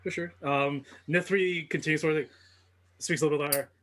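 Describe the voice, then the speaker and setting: A man narrating a tabletop game as game master, with halting, filler-heavy delivery. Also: a little high, steady tone, a bit bright, slight background noise.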